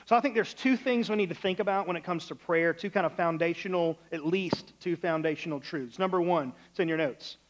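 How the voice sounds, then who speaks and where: A high-voiced man preaches a sermon in a loose, conversational way, acting out the characters in his illustrations. The sound is a bit dull and lo-fi. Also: a little fast, few pauses. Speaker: pastor.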